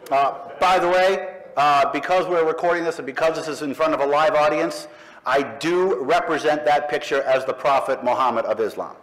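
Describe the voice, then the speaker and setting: Higher-pitched man giving an emphatic speech. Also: a bit bright, poor audio. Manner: emphatic, slow, punchy declarations with pointed pauses. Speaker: speaker at an atheist convention. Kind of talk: public speech to a live audience. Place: live event in front of an audience.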